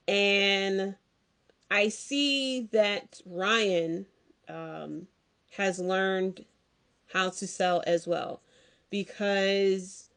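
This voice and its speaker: A woman hosting a casual podcast, talking slowly and unhurriedly. She rambles in a loose, slangy way, full of fillers and excited asides. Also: medium pitch. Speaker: podcast host. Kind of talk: casual wrestling recap chat.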